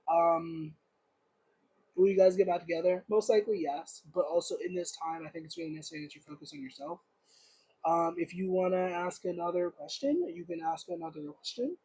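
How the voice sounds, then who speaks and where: A man's voice: high voice, dark tone, slightly rough, poor audio. A young man giving a casual livestream tarot reading, rambling and searching for words with lots of fillers. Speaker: tarot reader.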